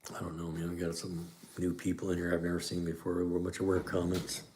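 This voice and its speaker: A man's voice: sits low, completely flat delivery, a little fast, darkish tone, slight background noise. A middle-aged man hosting a podcast livestream, chatting casually and reading live comments in a laid-back way.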